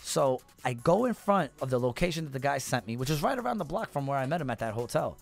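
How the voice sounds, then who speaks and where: A man in his thirties, a rapper guest, telling a long story in a lively, profane way and acting out the people in it. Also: mid-range voice, fast talker, gravelly, faint music behind. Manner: animated, profane, acts out voices in his story. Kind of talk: casual storytelling.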